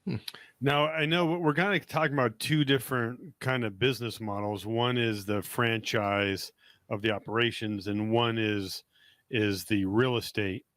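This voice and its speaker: A man hosting an interview and asking relaxed, loosely phrased questions. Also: on the low side, moderate pace, no echo, clean studio sound. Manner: relaxed, asks with restarts. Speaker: interview host.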